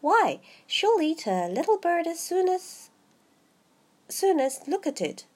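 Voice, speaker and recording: A woman voicing an eager young girl in a storybook reading, with a Japanese accent and a husky voice. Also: a little high, very animated, unhurried, heavily acted.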